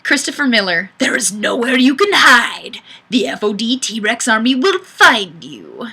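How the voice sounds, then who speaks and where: A woman's voice: fairly high pitch, big pitch swings, measured pace, pushed and bright, husky. A woman hosting a webcam livestream, reading viewer comments in a chatty, self-deprecating way. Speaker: livestream host. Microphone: webcam mic.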